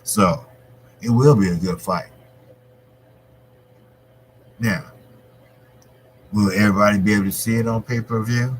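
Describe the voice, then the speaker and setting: A man hosting his own boxing channel, talking through a fight in a rambling, conversational way that grows animated when he argues a point. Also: fairly low pitch, a little slow, long pauses, slight background noise, poor audio. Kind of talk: casual boxing commentary.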